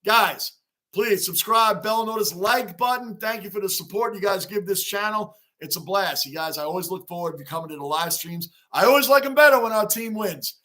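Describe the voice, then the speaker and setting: A bright, high-voiced man hosts a casual fan livestream. He talks straight to his chat, gets worked up and emotional about his team, and keeps a chummy tone with the regulars. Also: moderate pace. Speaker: livestream host.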